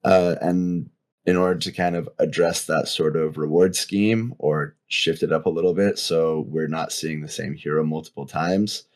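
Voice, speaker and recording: A man's voice: extremely low pitch, fairly even intonation, moderate pace, a little mellow. A man explaining game rules on a community call, hesitant with many fillers. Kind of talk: casual explanatory talk.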